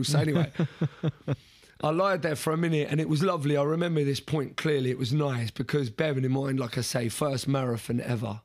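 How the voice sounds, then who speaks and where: A man telling a story as an interview guest, in a casual, animated way, repeating words and restarting sentences. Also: fairly high pitch, brisk.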